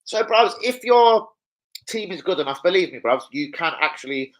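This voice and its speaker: A man's voice: high-pitched, moderate pace, poor audio. A young man ranting casually about football as a fan channel host, swearing a lot and slipping into impressions of people. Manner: animated, sweary, slangy, mimics people.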